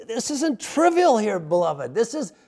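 A man preaching a sermon in a church sanctuary, with impassioned rises and a hushed closing prayer. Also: very high voice, big pitch swings, measured pace. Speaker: pastor.

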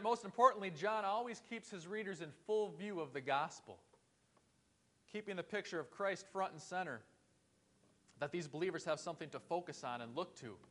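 Earnest preaching man, slightly high voice. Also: bright, forceful tone. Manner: earnest, conversational preaching with rhetorical questions. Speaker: pastor. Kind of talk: sermon.

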